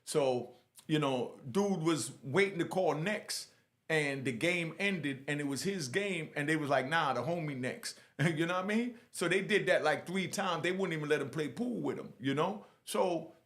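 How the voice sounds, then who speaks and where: Jamaican-born guy, gravelly raspy voice, pitched high, telling old prison stories real animated. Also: normal speed. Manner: animated, keeps saying "you know what I mean". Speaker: storyteller recounting prison life. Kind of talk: casual first-person storytelling.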